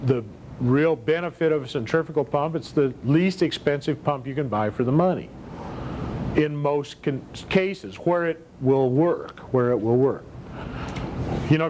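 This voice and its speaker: A man teaching a class, explaining things plainly and checking in with his listeners. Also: on the high side. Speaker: instructor. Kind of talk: classroom lecture. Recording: lecture recording with clear background noise.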